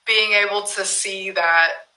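A woman's voice: mid-range voice, steady tone, takes it slowly, bright, forceful tone, reverberant, poor audio. A woman guest in a casual chat, thoughtful and reflective.

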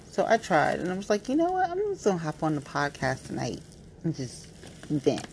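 Young woman venting on her podcast, low-ish voice that swoops up and down, blunt and petty, faint hiss behind. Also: darkish tone. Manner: annoyed, blunt and petty, with slangy asides. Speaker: podcast host. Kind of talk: casual venting monologue.

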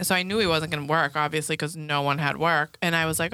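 A woman's voice: low-pitched, quick pace, hardly any pauses, pushed and bright, smooth, no echo, studio quality. A woman in her thirties hosting a podcast, telling frank, profane stories about home life and acting out what people said. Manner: frank and profane, acts out quotes. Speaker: podcast host. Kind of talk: casual storytelling chat.

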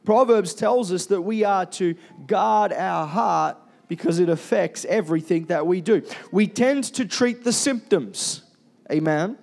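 A man's voice: high voice, a little slow, vocal fry, darkish tone. A man preaching a Sunday sermon as pastor, chatty and conversational, asking the congregation questions and calling for amens. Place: church.

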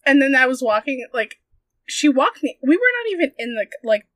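A young woman recounts a wild night in casual chat, her high voice leaping up and down as she giggles between fillers. The sound is close and dry, with no room around it. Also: a little fast, no echo. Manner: giggly, animated storytelling with many fillers.

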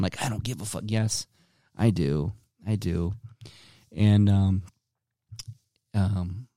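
A man's voice: fairly low pitch, dry recording, studio quality. Rambling, swearing podcast host guy. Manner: profane, rambling, joking with himself. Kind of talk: casual solo podcast rambling. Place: his home.

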